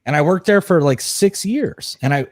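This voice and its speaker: A man's voice: on the high side, moderate pace. A man in his forties co-hosting a podcast, telling stories in casual chat and acting out the people he quotes. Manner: animated storyteller, acts out quotes. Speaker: podcast co-host. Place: podcast studio.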